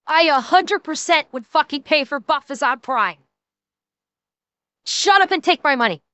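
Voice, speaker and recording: High bright-voiced woman streamer. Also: animated, measured pace, no echo. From Canada. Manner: swears freely, laughs a lot. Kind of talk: casual reaction chat.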